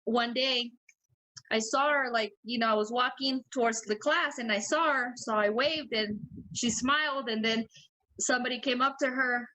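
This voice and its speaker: Female podcast co-host, bright and slightly high voice, casual and cussing. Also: steady tone, moderate pace, rough recording. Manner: profane and laughing, loose and chatty. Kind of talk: casual chat.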